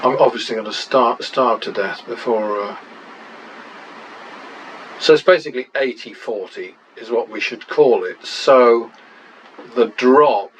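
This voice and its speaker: A man's voice: mid-range voice, unhurried, pauses often, fairly bright tone, a little hiss or hum, low-quality recording. A man and channel host talking through practice casino betting, muttering running tallies with wry exclamations.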